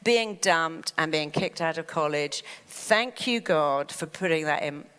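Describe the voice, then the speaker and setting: A woman's voice: deep voice, a little slow, smooth, long reverb tail. A middle-aged woman giving a motivational talk, telling stories and acting out the voices in her head. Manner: animated storyteller who acts out inner voices. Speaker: therapist and motivational speaker.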